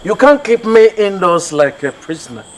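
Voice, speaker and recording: A man's voice: high-pitched, very animated, normal speed. An actor playing a defiant, argumentative young man with a Ghanaian accent in a Ghanaian film drama.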